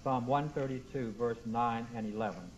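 A man's voice: medium pitch, normal speed, slight background noise. Emphatic preacher man, dull lo-fi sound. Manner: emphatic preaching, questions to the congregation. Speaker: pastor. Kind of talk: sermon.

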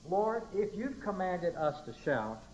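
A man's voice: high-pitched, very animated, a little slow, darkish tone. A man preaching a sermon to a church congregation, quoting scripture with strong emphasis and putting questions to the room. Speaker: pastor. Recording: dull lo-fi sound.

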